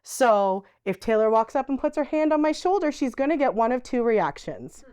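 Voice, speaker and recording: Lively woman teaching a dementia workshop. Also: fairly high pitch, moderate pace, smooth, no echo, clean studio sound. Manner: lively, acts out quoted voices. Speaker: dementia educator. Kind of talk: live workshop talk. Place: workshop room.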